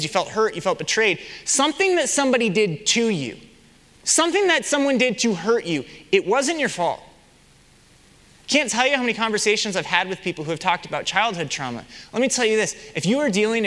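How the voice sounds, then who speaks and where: A young man preaching with a high, bright voice that swings up and down with energy. He tells a story and asks his listeners questions as he goes. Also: big-room sound. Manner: animated storytelling with rhetorical questions. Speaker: pastor. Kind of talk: sermon.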